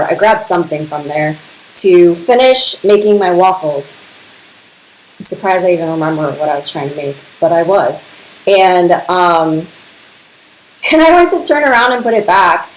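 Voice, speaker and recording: A woman casually telling personal stories, chatty and laughing often, filling her talk with "like". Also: on the low side. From Serbian family. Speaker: podcast host. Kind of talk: casual storytelling. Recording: echoey room.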